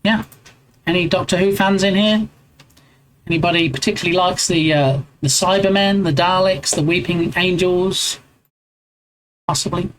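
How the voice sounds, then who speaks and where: English man, 40s, relaxed live-stream host, playful banter with viewers, light background noise. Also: high voice, moderate pace, pauses often, low-quality recording. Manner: chatty, reads out and answers chat with playful banter. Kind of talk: casual chat with viewers.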